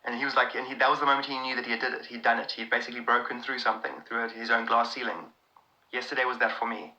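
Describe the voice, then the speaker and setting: A South African comedian chatting casually on a live stream, answering viewers' comments in a rambling, excitable way with many restarts. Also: male voice, medium pitch, fast, rough recording.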